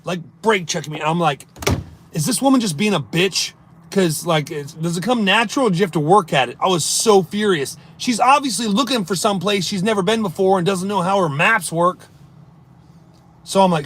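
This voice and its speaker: Animated storytelling man, slightly high voice. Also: moderate pace. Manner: animated, rambling storyteller who acts out his own thoughts. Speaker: livestreamer reading chat. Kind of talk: casual live-stream storytelling.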